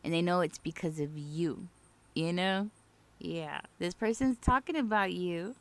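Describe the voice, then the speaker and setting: A woman's voice: fairly low pitch, unhurried. A woman giving a casual spoken tarot reading, chatty and reassuring, often tagging her sentences with "okay?" and "you know?". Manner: sings song snippets softly. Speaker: tarot reader.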